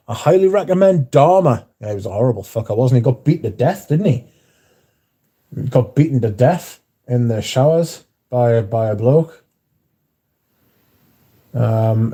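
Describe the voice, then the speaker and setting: In a windy bar, a non-American man with a medium-pitched, mellow, slightly breathy voice runs a casual livestream. He reads out the chat in a blunt, mouthy manner, cursing frequently.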